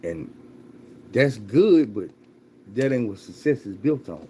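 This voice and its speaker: A man voicing a calm male mentor who teaches a hard life lesson in a steady, preaching way. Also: medium pitch, takes it slowly, a little hiss or hum. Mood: calm, instructive.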